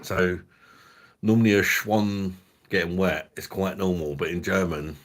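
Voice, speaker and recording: A man's voice: deep voice, steady tone, a little slow. A man hosting a casual livestream chat, rambling and swearing freely with the odd chuckle. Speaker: host.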